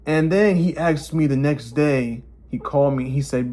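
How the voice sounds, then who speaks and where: A man vlogging casually, telling a personal story and acting out the quotes in higher voices. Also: moderate pace, warm tone.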